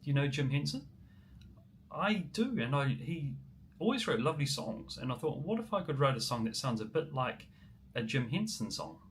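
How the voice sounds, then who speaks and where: Very animated, the New Zealand musician talks at a moderate pace in a mid-range voice over a little hiss or hum. His casual livestream chat is full of ums as he replies to viewer comments.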